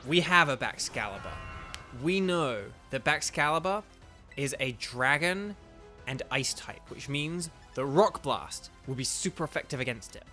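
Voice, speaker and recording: A man's voice: a little high, animated, measured pace, pushed and bright, soft background music. A man streaming a video game, giving casual commentary and playful asides as he reads the game's text aloud. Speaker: gaming streamer and voice actor.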